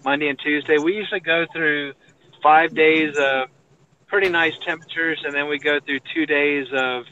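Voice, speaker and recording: A man's voice: a little high, fairly even intonation, normal speed, sharp tone, lo-fi sound, a little hiss or hum. A man from Texas with a Texan accent, chatting casually from a parked car, rambling with lots of fillers. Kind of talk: casual chat.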